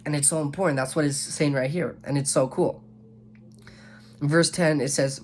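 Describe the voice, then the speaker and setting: A man's voice: a little high, steady tone, normal speed, long pauses, darkish tone, a little hiss or hum. A young man hosting a casual online Bible study, reading verses aloud and explaining them earnestly, often stopping to correct himself. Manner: earnest, with frequent self-corrections and restarts. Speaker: YouTube Bible study host.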